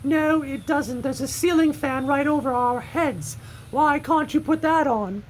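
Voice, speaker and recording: A woman's voice: sits high, unhurried, a little hiss or hum. A woman voicing a snooty, stern, impatient sister-in-law in an amateur audio drama, with a clipped, scolding manner. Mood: irritated.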